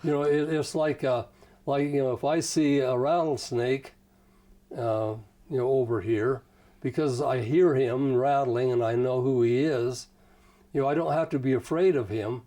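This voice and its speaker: A male interview guest with a relaxed, mellow tone. He tells stories in a folksy, meandering way, dotting his talk with "you know". His pitch sits in an ordinary middle range. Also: normal speed. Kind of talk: casual conversational storytelling.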